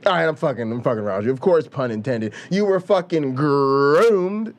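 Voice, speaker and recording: A man hosting a reaction show, loud and mocking, with profane, hyped-up commentary. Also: on the high side, lively intonation, moderate pace. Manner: loud, hype, mocking, swears constantly. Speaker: reaction channel host.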